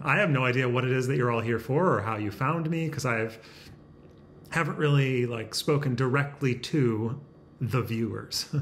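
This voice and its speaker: A man's voice: medium pitch, a bit bright, slight background noise. Self-conscious joking man at home. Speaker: vlogger. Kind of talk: casual talking to camera. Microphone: camera facing him.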